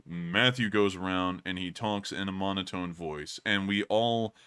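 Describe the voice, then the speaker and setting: A man in his twenties co-hosting a live stream, chatting casually and rambling with lots of fillers and restarts, deliberately raising his pitch. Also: pushed and bright, clean tone. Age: 20s. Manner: speaks in a deliberately raised pitch. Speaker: stream co-host.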